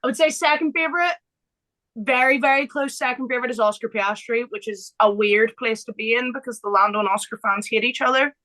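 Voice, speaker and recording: A woman hosting a podcast in casual chat, bubbly and quick to laugh. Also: on the high side, pushed and bright, low-quality recording. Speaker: podcast host.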